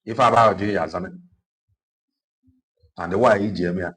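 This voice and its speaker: A Nigerian man with an Igbo accent preaches his commentary in a lively, animated way. He switches languages freely and keeps throwing rhetorical questions at the listener. His voice sits somewhat low. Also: fast, pauses often.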